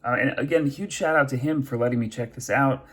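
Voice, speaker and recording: A man's voice: mid-range voice, fairly quick. Chatty young man reviewing gear. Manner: chatty, with many fillers and self-corrections. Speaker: knife reviewer. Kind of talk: casual product review.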